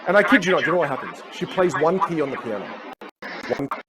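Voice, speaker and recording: A fast-talking man with a slightly high voice, whose first language is Teochew, delivers a keynote as a public speaker and communication coach. He's an animated storyteller who acts out the voices, recorded live amid a loud crowd and noise.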